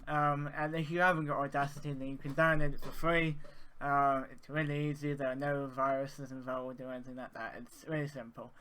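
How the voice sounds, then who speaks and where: Male tutor, bright and crisp, casual and hesitant, filler-heavy. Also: medium pitch, little pitch movement, a little fast. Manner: informal, hesitant, many fillers. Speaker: arts facilitator teaching audio effects. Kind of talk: screen-share software tutorial.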